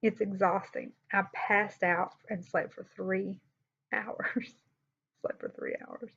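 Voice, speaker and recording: A woman's voice: medium pitch, fairly even intonation, slow pace, gravelly, fairly bright tone, slightly rough. A woman telling a personal story in a candid, conversational vlog, with sighs, fillers and restarts. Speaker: vlogger. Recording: slightly dull lo-fi sound.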